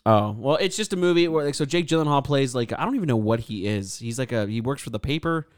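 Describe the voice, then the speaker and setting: A man's voice: medium pitch, animated, fast, smooth, no room sound, clean studio sound. A man co-hosting a casual podcast, rambling through stories loosely, swearing and laughing along. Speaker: podcast co-host. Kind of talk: casual chat.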